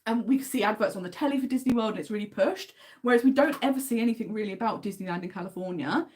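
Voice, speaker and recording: A woman's voice: mid-range voice, fast, a little mellow, slight background noise. An English woman with an English accent, hosting a casual livestream and chatting enthusiastically while answering viewer comments. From England. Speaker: livestream host.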